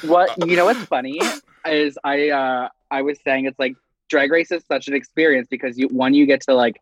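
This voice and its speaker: A man's voice: medium pitch, steady tone, normal speed, muffled recording, a crowd in the background. A man from Canada, a guest on a podcast, chatting casually and joking with cheeky swearing.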